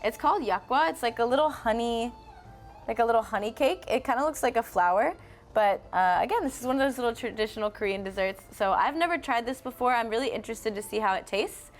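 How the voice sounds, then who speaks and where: A woman's voice: fairly high pitch, expressive, fast, faint music behind. A young woman hosts a casual live stream, chatting in a friendly, easygoing way. She reads viewer comments aloud and answers them as she goes. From North Carolina, USA. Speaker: host.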